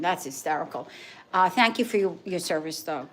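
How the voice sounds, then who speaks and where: A middle-aged woman from Brooklyn, New York, with the accent to match, chats casually with viewers as a livestream host. Her voice is lowish and expressive at a moderate pace, with a little hiss or hum, and she's emphatic, repeating herself.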